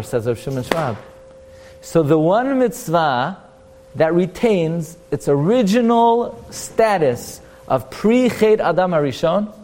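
A man giving a sermon-style Torah talk at a memorial gathering, asking questions and answering them, rising in pitch to stress points. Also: darkish tone, slight background noise.

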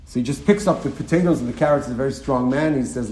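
A man telling a Hasidic story as a sermon, animated and swelling to emphatic bursts. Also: medium pitch, fast. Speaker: religious storyteller. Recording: roomy with faint ambience.

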